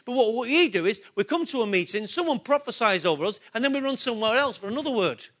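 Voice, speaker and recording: High, bright-voiced preacher. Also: male voice, expressive, fast talker. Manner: emphatic, repetitive preaching with rhetorical questions. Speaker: pastor. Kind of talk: sermon.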